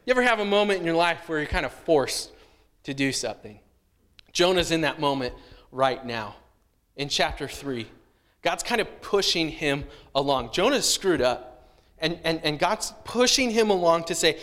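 A man preaching a sermon, telling a childhood story with lively acted-out voices before turning to scripture. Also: fairly high pitch, normal speed, long reverb tail. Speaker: pastor.

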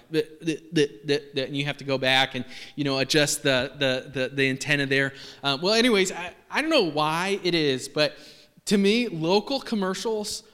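A man's voice: a little high, bright, forceful tone, smooth. A man preaching a sermon to a congregation in a casual, joking way with lots of fillers. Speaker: pastor. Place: church hall. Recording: long reverb of a large hall.

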